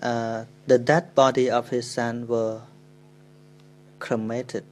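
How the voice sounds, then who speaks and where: A monk with a Cambodian accent, a native Khmer speaker, giving a dharma talk in halting English, telling a story with pauses and self-corrections. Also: male voice, mid-range voice, little pitch movement, a little mellow, rough recording.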